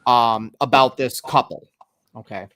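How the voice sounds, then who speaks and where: Animated, swearing podcast host. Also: male voice, unhurried. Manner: animated, swears freely, rises high when excited. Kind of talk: casual chat.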